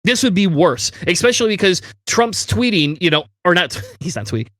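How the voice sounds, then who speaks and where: A man with a high voice rants angrily on a podcast, swearing as he goes. The sound is dry and close, with no room in it. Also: sing-song, brisk, a bit bright, dry recording. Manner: angry, ranting, swears. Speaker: podcast co-host. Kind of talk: heated political discussion.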